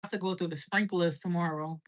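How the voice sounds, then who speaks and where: Her pitch fairly low and her tone steady, this woman talks fast while doing a tarot reading on a relaxed live stream. The delivery is loose and conversational, full of "like," "right?", and a curse here and there.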